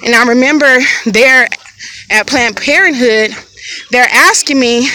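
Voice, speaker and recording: A woman's voice: on the high side, unhurried, pushed and bright, slight background noise, poor audio. A woman vlogger telling a personal story outdoors by a lake, frank and conversational, speaking straight to her viewers. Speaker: family vlogger.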